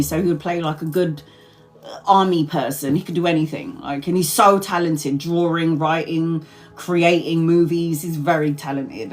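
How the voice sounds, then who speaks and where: A woman from Brazil hosting a live stream as a tarot reader, chatting casually, swearing freely and breaking into laughter mid-sentence. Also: fairly low pitch.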